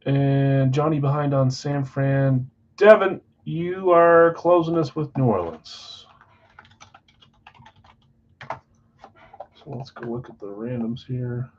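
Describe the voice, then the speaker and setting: A man's voice: mid-range voice, slow pace, pauses often. Casual male card-break host, easygoing, reading a list, slightly muffled stream audio. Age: adult, married. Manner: chatty, rattling off names and teams. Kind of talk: casual live-stream chat. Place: basement card room.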